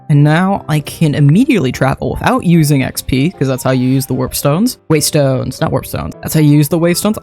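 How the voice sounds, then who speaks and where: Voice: medium pitch, darkish tone. A gameplay commentator talking casually while playing, rambling and correcting themself with playful asides.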